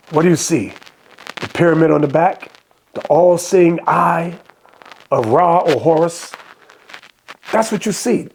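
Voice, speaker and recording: A man giving a preaching commentary on video clips, impassioned and quoting scripture, often breaking into shouts. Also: fairly high pitch, breathy edge. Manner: quotes and explains scripture. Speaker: religious commentator.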